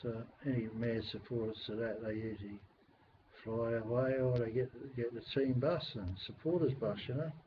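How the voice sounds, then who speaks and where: On a webcam call, an older London-accented man from England grumbles and meanders at a moderate pace, his mid-range voice fairly even in intonation, with some mild swearing. The sound from his webcam mic is dull and lo-fi, a faint hiss running underneath.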